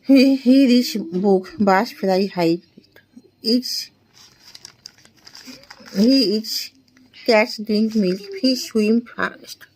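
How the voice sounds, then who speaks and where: Woman in her 20s reading drill sentences, slow and careful, one at a time. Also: a little high, a little mellow, poor audio. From India. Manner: slow, deliberate reading of short sentences with small laughs. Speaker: English tutor.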